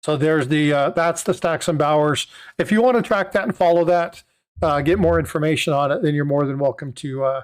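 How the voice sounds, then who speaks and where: A man's voice: a little high, fairly quick, clean tone. A man hosting a livestream, explaining things in casual chat with lots of filler sounds and restarts. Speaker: host of a coin livestream.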